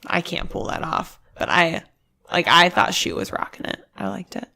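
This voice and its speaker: A woman co-hosting a podcast in casual chat, with vocal fry, explaining things like a teacher. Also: lowish voice, sing-song, normal speed, sharp tone. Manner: chatty, explains language points like a teacher. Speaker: podcast co-host.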